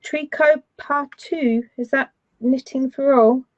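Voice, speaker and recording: A woman's voice: high voice, fairly even intonation, no echo. Teasing woman, lo-fi sound. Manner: enthusiastic, teasing, quick reactions. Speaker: podcast co-host. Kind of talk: casual chat about knitting patterns.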